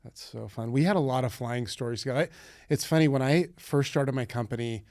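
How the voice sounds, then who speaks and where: A man hosting a relaxed podcast, telling aviation stories in detail and laughing along easily. His voice is smooth and clean, set at a middle pitch, and the recording is dry and close with no room sound. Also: a little fast, no room sound. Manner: chatty, laughs often, recounts flights in detail. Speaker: podcast host and pilot. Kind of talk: casual podcast chat.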